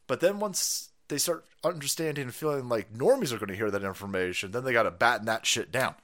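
A man's voice: medium pitch, fairly quick, a bit bright. A man hosting a live stream, ranting heatedly and mockingly with lots of swearing. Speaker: stream host. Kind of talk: profane ranting commentary.

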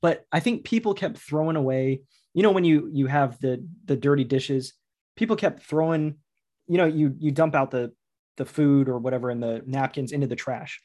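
A man hosting a casual chat, quick and talkative, agreeing a lot and teasing his guest. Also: mid-range voice, darkish tone. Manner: quick and chatty, lots of agreeing "yeah"s and teasing.

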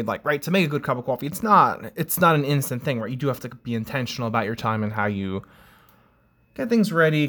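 A man with a medium-pitched, fairly bright voice hosts his own podcast, chatting casually on his own. He rambles with plenty of fillers and cracks jokes at his own expense.

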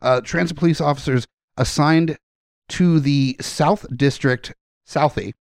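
A man's voice: on the high side, measured pace, gravelly, no echo, clean studio sound. A man co-hosting a casual comedy podcast, reading out a police report with joking asides. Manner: joking, reads a news story aloud with asides. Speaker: podcast co-host.

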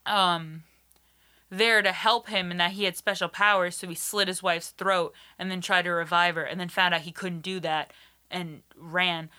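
A woman chatting casually as a podcast guest, telling animated stories with lots of "like" fillers and frank swearing. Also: mid-range voice. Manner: animated storytelling, many "like" fillers, swears freely. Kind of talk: casual chat.

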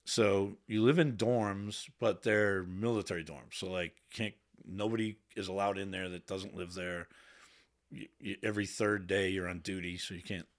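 A man's voice: sits low, fairly even intonation, normal speed. A man, a podcast guest and Navy veteran, telling stories in casual, candid talk with plenty of swearing. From Boston area. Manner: candid, swears freely, quotes himself in raised voice. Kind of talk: casual storytelling. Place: podcast studio.

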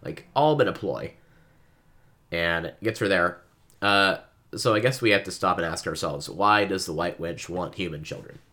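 Deep, sharp-voiced man chatting casually. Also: normal speed. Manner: chatty, frequent listener backchannels. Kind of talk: casual book discussion.

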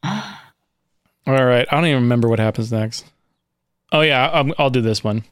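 A man's voice: mid-range voice, normal speed, long pauses, smooth, no echo, clean studio sound. A man hosting a casual comedic podcast, laughing often as he presents and reads out quotes. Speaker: podcast host presenting slides.

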